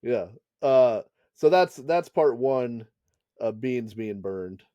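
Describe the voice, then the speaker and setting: A man's voice: medium pitch, expressive, slow, warm tone, dry recording, highs cut off. A man co-hosting a podcast in casual chat, rambling and laughing often. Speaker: podcast co-host.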